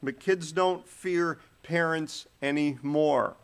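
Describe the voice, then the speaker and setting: A man's voice: on the high side, takes it slowly, vocal fry, smooth. A man preaching a sermon, telling stories with shifting volume and pace.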